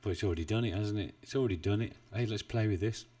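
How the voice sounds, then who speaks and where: A man with a lowish, dark-toned voice speaks very fast as he rambles casually on a trading live stream, frequently chuckling and running himself down. The setting is a home desk in the UK. A poorly positioned desk mic makes him sound distant.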